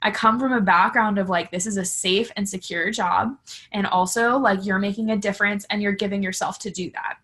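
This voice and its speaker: A woman's voice: mid-range voice, steady tone, a little fast, fairly bright tone. Chatty young woman on a team call. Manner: chatty, filler-heavy, candid. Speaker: teacher and coach. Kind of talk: casual team call presentation. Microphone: video call.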